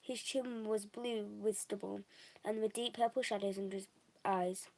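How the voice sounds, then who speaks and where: A woman's voice: medium pitch, fairly even intonation, moderate pace, creaky, a little mellow, poor audio. A young woman reading a novel aloud, unpolished, with small restarts and slips. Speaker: reader.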